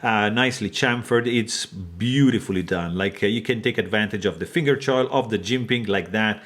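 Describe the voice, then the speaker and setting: A man's voice: fairly low pitch, moderate pace, a bit bright. A man giving a detailed, enthusiastic product review, talking with many fillers and hesitations while he shows the item. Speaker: knife reviewer.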